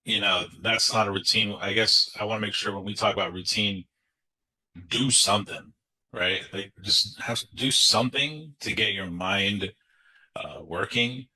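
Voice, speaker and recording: A man's voice: lowish voice, unhurried, bright, forceful tone, rough recording. A man on a sales team call chiming in casually to back up a point.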